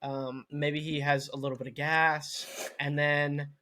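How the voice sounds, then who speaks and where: A young man co-hosting a podcast with a bright, forceful voice set a little high. He spins rambling, joking stories in loose casual chat, peppered with "like" fillers. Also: little pitch movement, measured pace. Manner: rambling storytelling with many "like" fillers. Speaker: podcast co-host.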